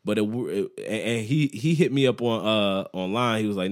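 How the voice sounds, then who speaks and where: A man with a fairly low voice talks through his music in a relaxed podcast chat. He rambles, full of slang and side stories, like he is among friends. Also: fairly quick. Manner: relaxed, slang-heavy storytelling. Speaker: musician guest.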